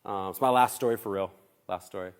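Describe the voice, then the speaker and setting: A man preaching as a pastor, telling stories in a chatty, animated way and acting out the dialogue. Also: fairly low pitch, fast, clean tone, long reverb tail. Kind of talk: sermon storytelling. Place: church hall.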